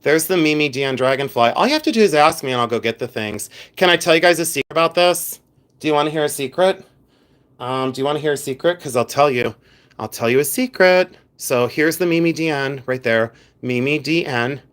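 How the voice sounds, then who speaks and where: A man's voice: a little high, lively intonation, brisk, a bit bright. A chatty man hosting a live jewelry stream from his second house, reading viewer comments aloud and teasing people with lots of giggles.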